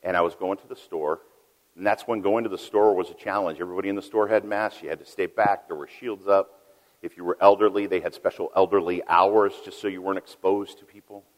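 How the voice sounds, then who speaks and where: A middle-aged man preaching a sermon as a pastor, telling a story that swings between loud emphasis and hushed asides. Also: low voice, fairly even intonation, brisk. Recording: long reverb of a large hall.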